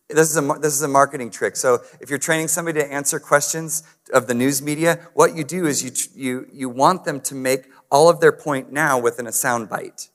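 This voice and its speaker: A man's voice: medium pitch, fairly bright tone. A man preaching a conversational sermon, talking straight to the congregation and asking them to respond. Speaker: pastor. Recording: long hall reverb.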